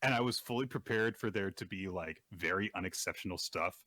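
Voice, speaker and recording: A man with a fairly low voice, recorded dry and close, talks through comic plots as a podcast co-host. He sounds wry and amused, chatting casually. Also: brisk, bright, forceful tone, no room sound. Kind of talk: casual chat recapping comics.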